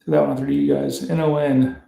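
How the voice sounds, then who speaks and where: Canadian dude ripping hockey packs, easygoing, laughs at tough names, roomy echo. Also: male voice, mid-range voice, very animated, fast, gravelly, dark tone. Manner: reads off player names, chuckles at tricky pronunciations. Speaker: card break host. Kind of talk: casual card-opening commentary.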